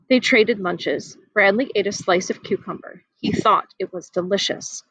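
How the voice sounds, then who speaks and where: A woman reading a children's novel aloud outdoors in the wind, animated and giving the characters voices. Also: medium pitch, moderate pace, slightly rough, no echo, highs cut off. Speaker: reader. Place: outdoors, windy.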